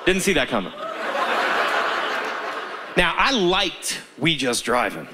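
A man's voice: fairly high pitch, normal speed, pauses often, very noisy. A man doing stand-up, telling stories animatedly and acting out the people in them. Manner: animated, acts out voices in his stories. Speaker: stand-up comedian. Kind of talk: stand-up storytelling.

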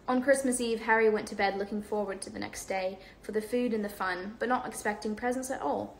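A young woman reading a storybook aloud on a livestream, relaxed and laughing off her own slips. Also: medium pitch, brisk, hardly any pauses, a little hiss or hum. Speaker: host. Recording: echoey room.

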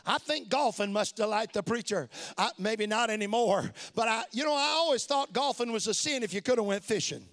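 Middle-aged male pastor, high ringing voice; hushed lows, shouted peaks, repetition. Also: brisk, few pauses. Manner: swings from hushed low asides to shouted emphasis; repeats phrases for emphasis. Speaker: preacher. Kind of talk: sermon.

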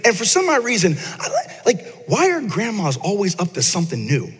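A man's voice: high voice, wildly swooping pitch, a little fast, husky. A man preaching a casual, conversational sermon to his congregation, often repeating words and asking them questions. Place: church sanctuary. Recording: long church hall reverb.

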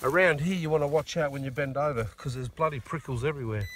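A man's voice: on the high side, fast talker, fairly bright tone, slight background noise. An Australian man hosting a metal detecting outing outdoors, chatty and joking, filmed on a phone. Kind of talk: casual chat. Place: dry field outdoors. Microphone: phone camera.

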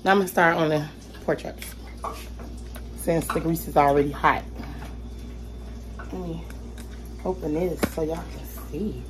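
A woman's voice: sits low, fairly even intonation, measured pace, pauses often. A woman chatting casually to her viewers while she cooks dinner in her home kitchen, calling them y'all again and again. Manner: chatty, talks straight to viewers with lots of y'all. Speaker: vlogger. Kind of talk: casual cooking vlog.

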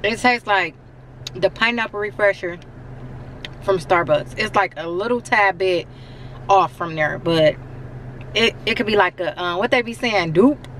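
A woman's voice: mid-range voice, measured pace, pauses often, background noise. A young woman talking casually to her viewers in a vlog, chatty and always calling them y'all. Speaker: vlogger. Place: in her car, later at home. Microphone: handheld camera mic.

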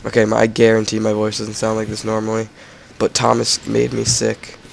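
A teenage boy who is sick, his voice cracking as he rambles through a casual game commentary and breaks into shouted frustration. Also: fairly low pitch, completely flat delivery, fairly quick, creaky, a little hiss or hum. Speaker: gamer.

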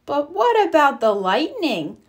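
A woman's voice: high voice, huge pitch swings, measured pace, pitched above the performer's own voice, full character voice. A woman voicing a nervous young boy turtle in a storybook read-aloud. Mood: cheerful.

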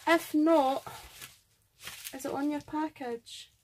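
A Scottish woman with a fairly high voice chats casually on a craft vlog. She gushes with excitement and thanks people over and over, with a faint hiss of noise behind her. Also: slow. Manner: excitable, gushing, effusive thanks. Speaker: craft vlogger. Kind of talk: casual chat unboxing and scoring craft entries.

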